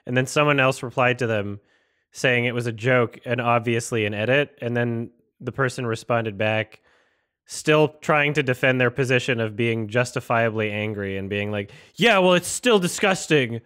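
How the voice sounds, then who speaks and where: A man's voice: mid-range voice, steady tone, moderate pace, a bit bright, clean tone, no echo, studio quality. A man casually commenting on a movie as he watches it, rambling, swearing and incredulous. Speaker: host reacting to a film.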